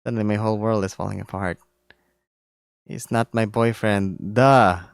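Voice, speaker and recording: A man's voice: fairly low pitch, fairly even intonation, moderate pace, creaky, clean tone, no echo, voice pushed down. A man reading the inner monologue of a naive, anxious young male deer in a visual novel, dramatic and despairing. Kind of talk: visual novel read-aloud.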